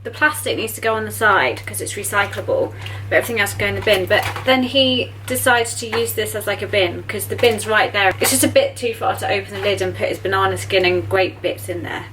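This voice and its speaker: A young British woman talks to a handheld camera in her home kitchen. She rambles in a relaxed, chatty way with plenty of fillers and asides, and a faint background hiss sits under her voice. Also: medium pitch, fairly quick, rough recording. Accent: British English. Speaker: lifestyle vlogger. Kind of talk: casual vlog chat to camera.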